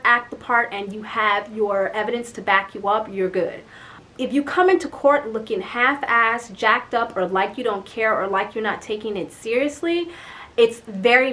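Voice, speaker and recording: A young woman vlogger with a voice on the high side tells a story in casual chat. She sounds animated and exasperated, dropping lots of "like" and some mild swearing.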